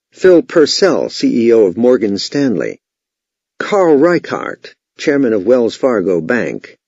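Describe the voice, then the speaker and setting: A man's voice: medium pitch, vocal fry, a little mellow, breathy edge, no echo. A man teaching sales techniques in scripted instructional narration, with an emphatic, authoritative delivery. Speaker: sales trainer. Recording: dull, lo-fi, dry voice-over.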